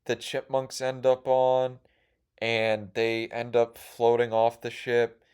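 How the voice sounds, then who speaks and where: Young male podcast host, rambling profane storyteller, excitable. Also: medium pitch, slow pace, clear, resonant tone.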